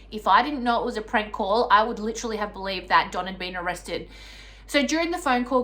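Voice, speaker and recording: A woman's voice: on the high side, a bit bright. A young woman, talking casually and earnestly as a true crime video host, with a lot of "you know" and "like".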